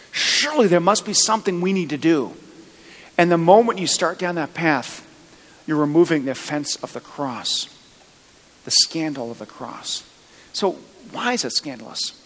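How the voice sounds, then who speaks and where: A man's voice: medium pitch, long reverb tail, low-quality recording. A man preaching a sermon as pastor, chatty, with joking asides. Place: church.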